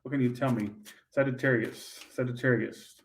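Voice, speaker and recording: Man, tarot reader, blunt, swearing, shouty bursts, mic set back. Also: mid-range voice, fairly even intonation, moderate pace, far from the mic, a little hiss or hum. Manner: blunt, swears freely, loud outbursts. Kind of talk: live tarot reading.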